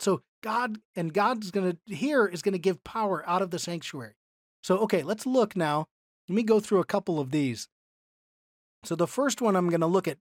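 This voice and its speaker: A man teaching a Bible lesson, explaining verses slowly and deliberately and lifting his voice for emphasis. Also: high-pitched, dry recording, clean studio sound. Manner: explanatory, slow and deliberate, voice lifts when emphasizing.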